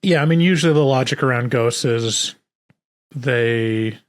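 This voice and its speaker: Relaxed man musing on films, dry sound. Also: medium pitch, unhurried, no room sound. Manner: relaxed, musing, thinking aloud. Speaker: podcast co-host. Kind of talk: casual movie review chat.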